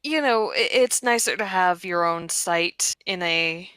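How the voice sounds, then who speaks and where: A woman's voice: lowish voice, unhurried, fairly bright tone, clean tone, no room sound. A woman playing in a tabletop game, chatting casually and making wry asides. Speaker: player.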